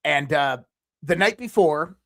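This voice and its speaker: A man telling a personal story as a podcast guest, animated and casual, often restarting his sentences and swearing now and then. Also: a little high, unhurried.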